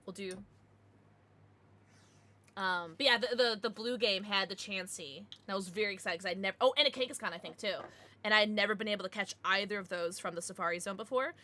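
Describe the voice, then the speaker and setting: A woman in her thirties streaming live, bubbly and quick to laugh as she chats with viewers and reacts to their messages. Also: mid-range voice, sharp tone. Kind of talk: casual livestream chat.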